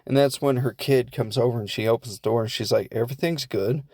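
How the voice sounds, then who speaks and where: A young man casually recapping a film plot in a rambling comedic way, slipping into quick asides for the characters. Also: medium pitch, fairly even intonation, darkish tone, no room sound, studio quality.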